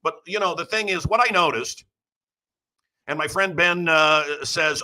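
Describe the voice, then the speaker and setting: A man's voice: on the high side, unhurried, pushed and bright. Rambling brash middle-aged male host. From Chicago area. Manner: rambling storyteller, acts out quoted voices. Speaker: radio host. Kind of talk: casual opinionated monologue.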